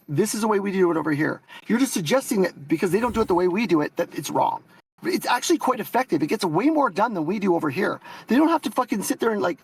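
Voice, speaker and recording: Brief: high-pitched man, fast talker, combative profane debater who rambles and restarts. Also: creaky, husky, low-quality recording. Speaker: debate guest. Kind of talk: heated online debate. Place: Canada.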